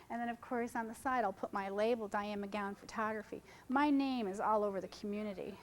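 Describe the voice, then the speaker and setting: A woman's voice: fairly high pitch, low-quality recording. Chatty woman teaching wedding photography. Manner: chatty, jumps between topics, jokes with audience. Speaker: wedding photographer giving a seminar. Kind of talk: informal seminar talk to photographers. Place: conference room.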